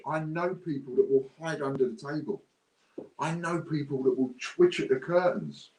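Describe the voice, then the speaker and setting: A man's voice: a little high, darkish tone, roomy sound, low-quality recording. A man ranting to camera, blunt, indignant and repetitive. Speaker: business owner vlogger.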